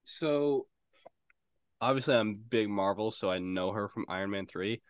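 A man's voice: lowish voice, measured pace, smooth, no echo, studio quality. A man co-hosting a casual movie review podcast, giving blunt, opinionated takes. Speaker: podcast co-host.

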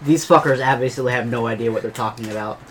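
A man's voice: mid-range voice, fast, a little hiss or hum. Casual man playing a tabletop game. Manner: casual, describes his actions plainly. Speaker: player.

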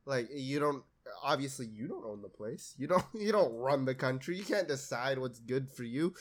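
Guy cohosting a podcast, sarcastic, swears a lot, laughs a bunch, normal pitch. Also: animated, normal speed. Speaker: podcast co-host. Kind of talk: casual chat.

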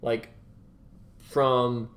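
Dude just talking casually, swears a lot, mid voice. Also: male voice, medium pitch, little pitch movement, very slow, a bit bright. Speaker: host and business co-founder. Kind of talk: casual podcast chat.

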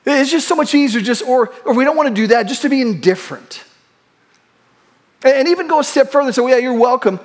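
High-voiced pastor preaching a sermon. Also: male voice, animated. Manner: shifts between quick asides and slow, hushed emphasis; leads the congregation in call-and-response.

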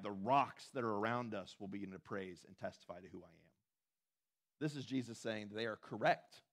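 A man preaching a sermon in a conversational way, with asides to the congregation and acted-out quotes. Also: on the low side. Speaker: pastor.

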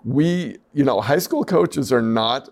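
A man's voice: medium pitch, animated, slow, a little mellow. Rambling, self-mocking middle-aged man. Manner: rambling, self-mocking, laughs through his story. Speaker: podcast co-host, former high school coach. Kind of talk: casual storytelling chat.

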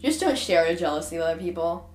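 A woman's voice: lowish voice, animated, fast talker, roomy sound, music in the background. A young woman co-hosting a casual podcast chat, chatty and filler-heavy. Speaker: podcast co-host.

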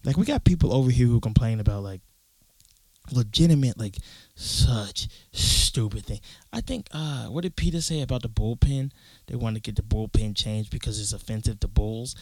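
Recorded alone in his closet on dry, low-quality audio, a young man hosts a casual podcast, delivering a profane, rambling, animated rant in a medium-pitched voice at normal speed.

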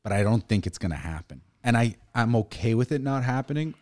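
A young man in casual podcast banter, his voice set at an ordinary middle pitch. His intonation swings widely up and down as he leans on his points, peppering them with "dude" and profanity. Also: animated, a little fast, a little mellow. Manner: emphatic, profane, says "dude" and "right?" constantly. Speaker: podcast co-host. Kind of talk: casual chat.

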